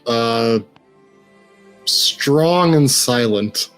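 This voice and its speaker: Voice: mid-range voice, animated, extremely slow, a bit bright, smooth, soft background music. A player in a tabletop game, talking casually and joking.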